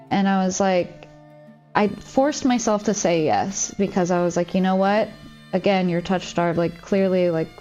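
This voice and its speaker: Medium in pitch and a little mellow, her voice comes through lo-fi sound. She's a home streamer chatting casually and confidingly over her game, wandering off on tangents and saying "like" constantly.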